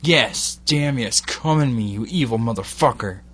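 A man's voice: mid-range voice, normal speed, a bit bright, husky. A man voicing a playful, defiant young lover. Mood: pleading.

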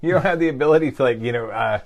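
A man's voice: mid-range voice, racing, vocal fry, slight background noise. A man co-hosting a podcast, chatting casually. He rambles and swears freely, and he leans on fillers as he talks. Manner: rambling, profane, lots of fillers. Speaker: podcast co-host. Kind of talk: casual chat.

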